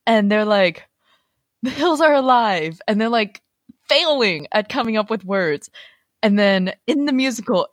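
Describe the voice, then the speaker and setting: Animated young woman chatting, lively pitch. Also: moderate pace, no echo, studio quality. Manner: chatty, frequent "like" fillers, animated retelling. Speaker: podcast co-host. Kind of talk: casual chat.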